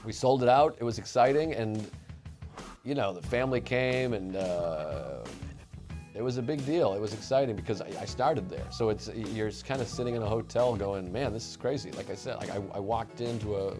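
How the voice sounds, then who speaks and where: A low-pitched man from New England recalls a hometown show in a modest way. He often restarts his sentences, and clear guitar music plays behind him. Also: normal speed. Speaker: comedian. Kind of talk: reflective interview talk.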